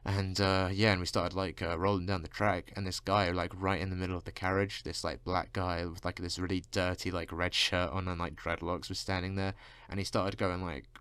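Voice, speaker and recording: A man's voice: deep voice, flat delivery, brisk, fairly bright tone, smooth, dry recording. A man vlogging a casual rant, constantly saying "like" and swearing freely. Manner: fills speech with "like", swears freely.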